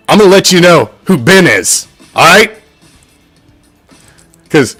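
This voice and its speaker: Profane, heated American fan ranting. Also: male voice, fairly high pitch, sing-song, slow, pauses often, bright, forceful tone, slightly rough, soft background music. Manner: profane, heated, repeats himself. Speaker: podcast host, sports fan. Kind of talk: unscripted fan rant.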